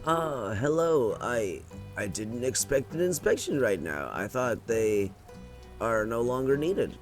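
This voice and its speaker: A man's voice: mid-range voice, big pitch swings, slow pace, soft background music. A man reading out the lines of a wary, puzzled male prepper who used to be an engineer.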